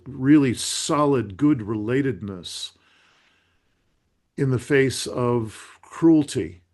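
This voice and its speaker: Man, host of a support circle, gentle and halting, middle pitch, reflective. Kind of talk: reflective group facilitation.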